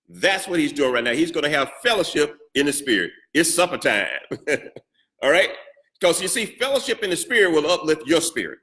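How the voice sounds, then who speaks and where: Bright-voiced preacher, playful call-and-response. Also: male voice, on the high side. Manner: call-and-response preaching with humor and rhetorical questions. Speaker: pastor. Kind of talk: sermon.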